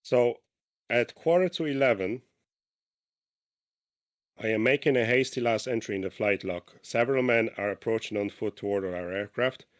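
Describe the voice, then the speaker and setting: Low-voiced man reading a diary haltingly. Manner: reads haltingly with restarts, breaks off to comment. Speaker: podcast co-host. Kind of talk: casual podcast chat, reading a diary aloud.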